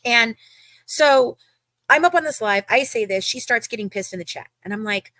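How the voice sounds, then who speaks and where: A woman hosting a livestream tells a heated story in casual chat, animated and swearing frequently as she acts out quoted back-and-forth exchanges. Her voice is on the high side and her pace is moderate. The recording is dry and low quality.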